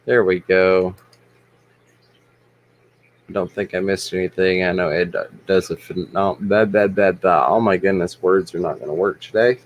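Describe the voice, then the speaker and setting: Deep-voiced easygoing man. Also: steady tone, moderate pace, lo-fi sound, slight background noise. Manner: self-deprecating, easygoing. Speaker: livestream host. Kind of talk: casual livestream chat.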